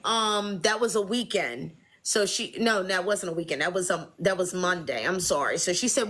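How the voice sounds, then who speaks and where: A young adult woman telling a personal story in casual chat, acting out other people's lines in a lively voice. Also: measured pace. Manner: animated, acts out quoted voices in high pitch. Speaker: guest sharing her fertility journey.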